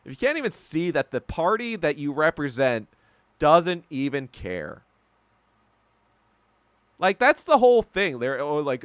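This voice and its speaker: A man's voice: a little high, very animated, unhurried, pauses often, no echo. A man hosting a podcast alone, ranting in a heated, profane, emphatic way. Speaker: podcast host. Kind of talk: solo ranting commentary.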